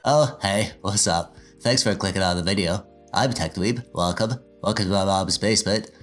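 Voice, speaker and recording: A man in his thirties with a nasal, stuffy voice, talking in a casual, sarcastic, self-deprecating vlog style as he gets excited about his project. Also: low voice, moderate pace, music in the background. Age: 30s. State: stuffy, getting over an illness. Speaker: DIY tech vlogger.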